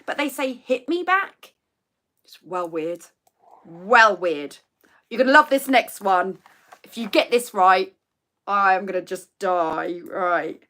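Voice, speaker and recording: This livestream host keeps things casual during her live quiz chat, giggling frequently and reading viewer comments aloud. She speaks at a measured pace with a medium-pitched, fairly bright voice.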